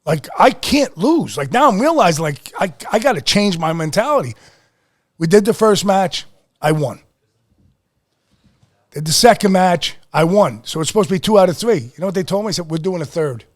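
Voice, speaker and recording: A middle-aged man from Pennsylvania hosting a podcast, telling a story in a casual, animated, profane way and acting out what people said. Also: high-pitched, moderate pace. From Lehigh Valley, Pennsylvania. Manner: animated, profane storyteller who acts out quotes. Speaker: podcast host.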